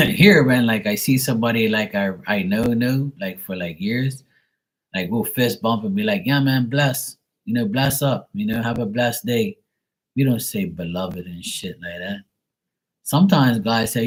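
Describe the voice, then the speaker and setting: Profane husky man ranting. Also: on the low side, a little slow, low-quality recording. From Bermuda. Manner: blunt, profane, mocking. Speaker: livestream host. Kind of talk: casual rant to viewers.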